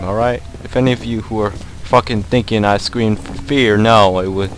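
A man's voice: lowish voice, steady tone, normal speed, faint music behind, poor audio. A man giving jumpy, profane commentary as he plays a horror shooter, muttering nervously to himself. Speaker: gamer. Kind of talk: gameplay commentary.

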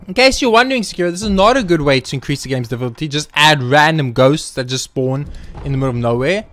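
A young man commentating his own gameplay, swearing freely and ranting in frustration, sometimes shouting at the game. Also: fairly high pitch, lively intonation, quick pace. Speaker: let's play gamer. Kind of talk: gaming commentary. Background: faint game music.

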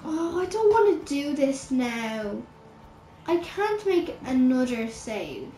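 High-voiced woman rambling over game music. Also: sing-song, slow pace, warm tone. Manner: rambling, exasperated, many "like" fillers. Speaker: gamer. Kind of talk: casual game commentary. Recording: roomy echo with game music.

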